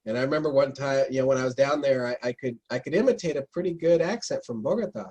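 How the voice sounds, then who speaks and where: A man telling lively anecdotes in a casual interview, slipping into imitations of the people he met. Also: medium pitch, fast. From North America. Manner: animated anecdotes, mimics Spanish speakers. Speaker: interview guest. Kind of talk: storytelling in casual conversation.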